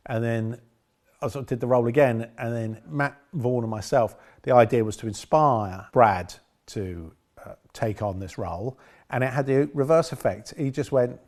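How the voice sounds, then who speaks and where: A man's voice: mid-range voice, normal speed, darkish tone. A man talking about his past work as a film director in a casual interview, rambling with frequent restarts and self-corrections.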